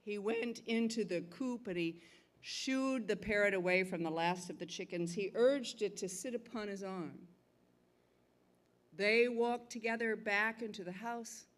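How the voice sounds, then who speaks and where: A middle-aged woman storyteller telling a folktale live in a museum theater, with dramatic, expressive delivery. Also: medium pitch, unhurried. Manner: expressive, dramatic shifts between calm and loud.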